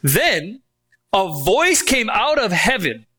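Pastor guy preaching, high bright voice, punchy, lots of rhetorical questions. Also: big pitch swings, breathy edge. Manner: emphatic, with rhetorical questions and slowed key phrases. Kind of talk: sermon.

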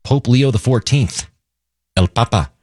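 A man's voice: medium pitch, measured pace, slightly rough, no echo, clean studio sound. A man co-hosting a casual radio show, reading breaking news and bantering about local stories. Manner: lively, joking, reads news off the wires. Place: radio studio. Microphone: studio microphone.

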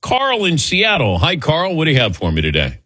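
Animated, chatty male radio host in his 60s. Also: a little high, brisk, no room sound. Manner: chatty, laughs easily, animated storytelling. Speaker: radio sports talk host. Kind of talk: call-in sports radio chat.

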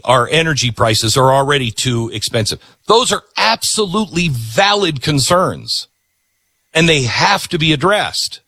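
A man's voice: medium pitch, pushed and bright, husky, dry recording. A middle-aged man hosting a talk show, delivering an emphatic political monologue and repeating words for stress.

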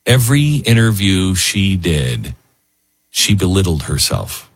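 Low-pitched and slightly rough, a talk show host speaks slowly in a sing-song way, his emotional radio monologue earnest, heartfelt and wandering.

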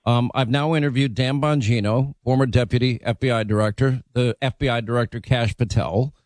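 A man's voice: mid-range voice, no room sound. A middle-aged man hosting an interview, making assertive, confident predictions. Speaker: interview host. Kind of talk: interview commentary.

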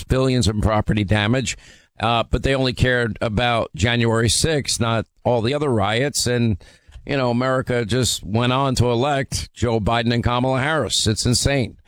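A male radio talk host delivers his opinions with emphatic force, scattering fillers as he goes. His voice sits at an ordinary pitch and is recorded dry and close in a studio. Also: no room sound.

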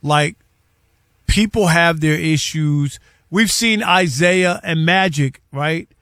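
A man's voice: fairly high pitch, slow pace, fairly bright tone, dry recording, clean studio sound. A middle-aged man co-hosting a casual sports talk show, speaking emphatically and repeating himself for stress. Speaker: co-host, former beat writer.

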